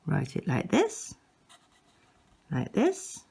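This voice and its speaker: A woman language teacher speaks at a very slow, careful pace. Her slightly low voice swoops widely as she exaggerates tones and models each word for learners to repeat. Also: wildly swooping pitch, gravelly, warm tone, husky. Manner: exaggerates rising and falling tones. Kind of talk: online language lesson.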